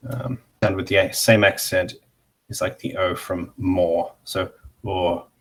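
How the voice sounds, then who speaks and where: A man giving a casual online pronunciation lesson, explaining slowly with many pauses and fillers while sharing his screen. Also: low-pitched, fairly even intonation. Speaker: language teacher.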